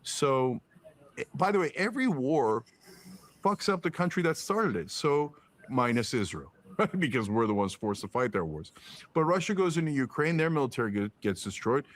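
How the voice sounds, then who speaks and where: Appearing as a podcast guest, a man with a mid-range voice and lively intonation delivers heated, profane political commentary at normal speed. He's emphatic, fires off rhetorical questions, and mocks others with put-on quotes.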